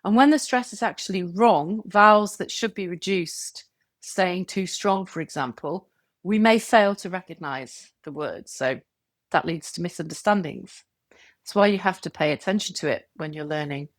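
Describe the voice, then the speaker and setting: A woman giving a scripted English pronunciation lesson, clear and measured, stretching example words to show stress. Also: on the low side, dry recording, studio quality. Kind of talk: scripted tutorial narration.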